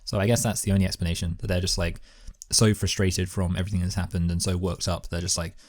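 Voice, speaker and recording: A low-voiced man talking quickly as he thinks aloud about a film, tossing in bloody and mate. His voice sits close and dry, with no room sound around it. The chat is loose and informal. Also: flat delivery, a little mellow, no echo. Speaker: podcast co-host. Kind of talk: casual chat.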